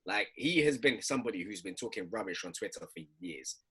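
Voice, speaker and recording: A man's voice: lowish voice, brisk, breathy edge. A man talking emphatically in a casual podcast chat with friends. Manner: emphatic, lively ranting. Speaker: podcast co-host.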